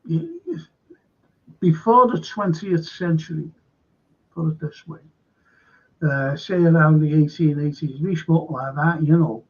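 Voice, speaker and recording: A man's voice: fairly high pitch, unhurried, pauses often, a little mellow, breathy edge. A man with a Liverpool accent, a local historian telling rambling stories in a casual chat, full of fillers and restarts. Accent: Liverpool (Scouse). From Liverpool, England. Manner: rambling anecdotal storyteller with frequent fillers. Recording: dull lo-fi sound.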